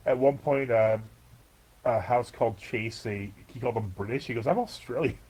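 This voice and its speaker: A man co-hosting a podcast, chatting in an animated, rambling way full of fillers. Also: mid-range voice, moderate pace, poor audio. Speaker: podcast co-host. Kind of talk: casual chat recapping a TV episode.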